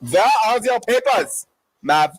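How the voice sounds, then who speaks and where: A sneering, interrogating official with a high, swooping voice, as a man puts him on. He barks his questions in a mocking, singsong way. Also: expressive, slow, dry recording, heavily acted. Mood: mocking demand. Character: menacing official demanding papers, adult man.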